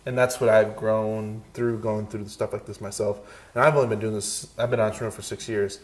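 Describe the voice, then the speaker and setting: A man with a fairly low voice co-hosts a casual podcast. His pitch stays level as he talks in a reflective, measured way and often restarts his sentences. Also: level tone. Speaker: podcast co-host.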